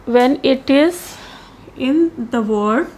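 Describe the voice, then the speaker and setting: A woman teaching English pronunciation, saying each sound slowly and deliberately with pauses and fillers. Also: sits high, a little mellow, slight background noise. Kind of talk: pronunciation lesson.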